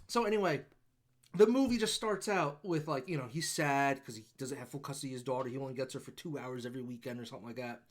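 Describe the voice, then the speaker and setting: On a casual movie podcast, a male co-host rants and swears while retelling a plot, acting out characters' lines in quotes. He has a mid-range voice and talks fast.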